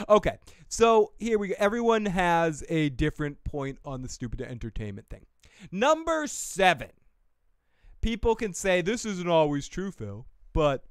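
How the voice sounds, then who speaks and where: Brief: male streamer host, loose and profane, smooth clear voice on the higher side. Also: very animated, measured pace, long pauses, dry recording, studio quality. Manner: profane and rambling, laughing often. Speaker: show host. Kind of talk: casual livestream chat. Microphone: desk mic.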